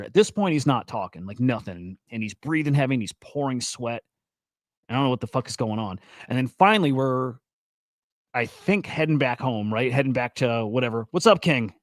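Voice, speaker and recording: A man hosting a livestream tells a long story in a loose, rambling way, swearing freely and getting animated. His voice sits at an ordinary middle pitch. The sound is dry and close, with no room around it. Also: dry recording. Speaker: host.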